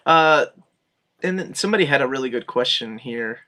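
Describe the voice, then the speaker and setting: A man's voice: mid-range voice, expressive, normal speed, sharp tone. A man hosting a live comics chat, reading viewer questions aloud and riffing on them. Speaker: host.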